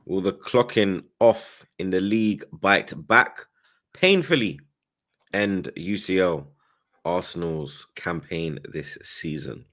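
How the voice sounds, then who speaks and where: A man's voice: low voice, takes it slowly, a bit bright. A man, bantering casually about football and reading out viewer messages on a podcast panel. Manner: slangy, laid-back, teasing.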